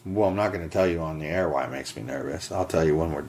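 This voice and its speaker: A man's voice: extremely low pitch, quick pace, darkish tone. A man co-hosting a podcast in casual chat, emphatic and teasing. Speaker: podcast co-host.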